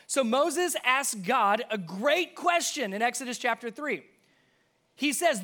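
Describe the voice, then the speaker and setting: A man preaching a sermon, emphatic, repeating key phrases and dropping to a hush for stress. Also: sits high, expressive, normal speed.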